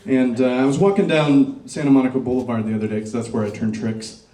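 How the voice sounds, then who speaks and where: A middle-aged man performing a stand-up comedy set, doing crowd work and dropping deadpan dark punchlines on a club stage. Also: mid-range voice, fast. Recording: roomy club sound, mic picked up from a distance.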